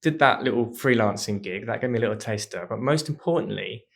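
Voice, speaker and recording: A man, a podcast guest telling stories in a casual, animated way. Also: fairly low pitch, brisk, gravelly. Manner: animated, acts out voices in anecdotes. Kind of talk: casual storytelling chat.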